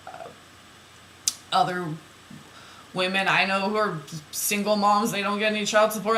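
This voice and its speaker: A woman's voice: fairly low pitch, fairly bright tone, slight background noise, rough recording. A woman reading oracle card messages aloud, then musing about them in loose, rambling asides that repeat phrases.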